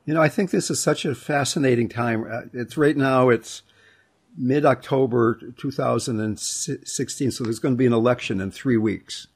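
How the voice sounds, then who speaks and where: A middle-aged man hosting a reflective conversation, speaking in a thoughtful, unhurried way and sharing personal stories. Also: mid-range voice, breathy edge.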